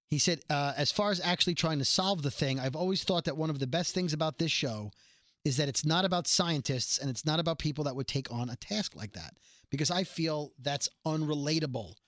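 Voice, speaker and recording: Male podcast co-host, rambling casual chatter, slightly high and bright. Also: dry recording, studio quality. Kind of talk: casual chat.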